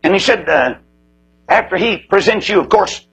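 A man's voice: animated, normal speed, vocal fry, a bit bright, breathy edge, low-quality recording. A man preaching a sermon, telling stories dramatically and acting out the voices in them. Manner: dramatic storytelling with swooping pitch, acting out quoted voices.

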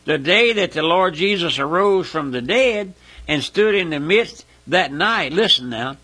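A man's voice: expressive, unhurried, bright, forceful tone, husky. Folksy, emotional preacher man. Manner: emotional, rising to high pleading cries; folksy, repeats "my friend" and "listen". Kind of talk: sermon.

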